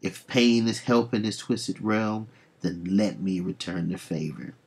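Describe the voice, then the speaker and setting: An ancient male sea god speaking in solemn, archaic phrases, as a man reads his comic lines aloud. The voice is husky and lowish, grave and measured. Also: darkish tone, full character voice.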